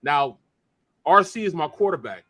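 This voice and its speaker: A man's voice: fairly high pitch, moderate pace. A man in his fifties, a former pro football player, telling locker-room stories in casual chat and acting out the voices of the people in them. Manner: animated, acts out the voices of others.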